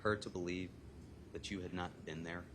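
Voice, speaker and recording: A man's voice: low voice, little pitch movement, moderate pace. A man working as a trial attorney, questioning a witness in a courtroom, methodically repeating his question after each exhibit. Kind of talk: courtroom direct examination. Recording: noisy courtroom trial feed.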